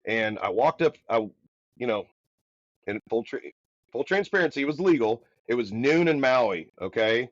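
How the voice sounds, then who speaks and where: A man from the Midwest, a podcast guest, telling a story in a loud, energetic, casual way. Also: mid-range voice, normal speed, no room sound. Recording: dull, dry podcast audio.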